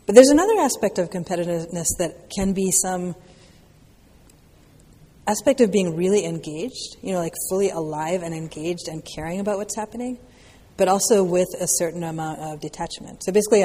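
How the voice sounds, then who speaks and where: Breathy low-ish woman, dharma teacher musing loosely, long reverby hall. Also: a little fast, dark tone. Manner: reflective, loose, peppered with "you know" and "like". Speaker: dharma teacher answering questions. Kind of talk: casual dharma talk Q&A.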